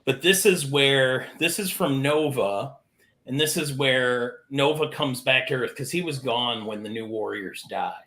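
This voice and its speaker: A man's voice: mid-range voice, unhurried, fairly bright tone. A man co-hosting a casual chat, explaining enthusiastically at length. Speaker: co-host.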